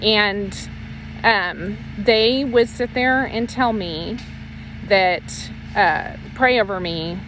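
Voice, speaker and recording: A woman tells her faith story in an earnest, emotional way. She rambles and restarts her sentences often. Her voice sits at an ordinary middle pitch, with a faint hiss of noise in the background. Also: drawn-out words, fairly bright tone. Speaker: Christian ministry leader sharing her testimony. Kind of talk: personal faith testimony, casual storytelling.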